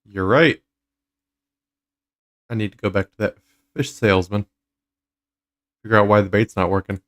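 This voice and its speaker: A man with a very deep voice hosts a casual gaming stream. He talks through the game in a loose, rambling way, pausing on fillers as he explains. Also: a bit bright. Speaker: streamer host.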